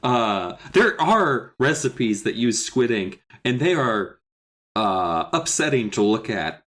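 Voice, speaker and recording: Sarcastic podcast guy, swears a lot, lively up and down voice, middle pitch. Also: slow pace. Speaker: podcast co-host. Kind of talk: casual chat retelling a book.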